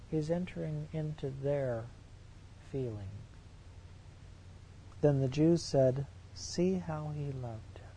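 Dark-voiced man preaching a sermon. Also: medium pitch, a little hiss or hum, rough recording. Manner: reads verses aloud then comments, with rhetorical questions. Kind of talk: sermon, reading and commenting on scripture.

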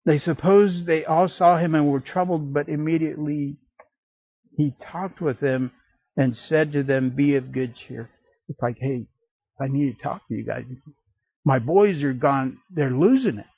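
An animated male preacher delivering a sermon and slipping into playful voices and asides. His voice sits a bit high and sounds husky. The recording is dry and slightly dull. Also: measured pace, no room sound.

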